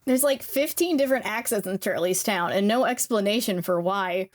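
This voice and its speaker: A woman's voice: medium pitch, moderate pace. A woman guesting on a casual podcast, playfully self-deprecating and apologetic about her game.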